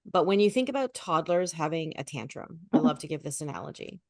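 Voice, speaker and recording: A woman grief coach giving animated, expressive advice in a podcast conversation. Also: low voice, brisk, vocal fry, no room sound, clean studio sound. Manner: animated, expressive, lively storytelling.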